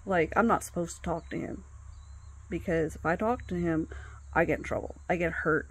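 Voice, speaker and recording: A woman telling a personal story in a casual, halting way, with many pauses and restarts. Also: fairly low pitch, husky. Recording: faint background noise.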